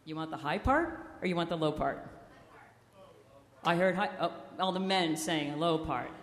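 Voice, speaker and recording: A woman's voice: low-pitched, lively intonation, normal speed. A woman singer teasing and coaxing a live audience between songs, in a playful, joking manner, heard through a stage microphone. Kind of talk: stage banter with a concert audience. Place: concert hall. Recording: echoey live hall with music.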